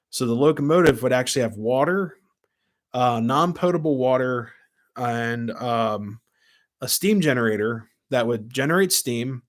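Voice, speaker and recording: A man casually hosting a live stream from home, rambling through his points and answering viewer comments as he goes. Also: medium pitch. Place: home room with model trains. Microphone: camera mic at his desk.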